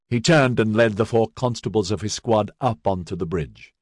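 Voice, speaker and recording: A man with a lowish voice narrates an audiobook, giving a measured, expressive reading of scripted text. The recording is studio quality with no echo.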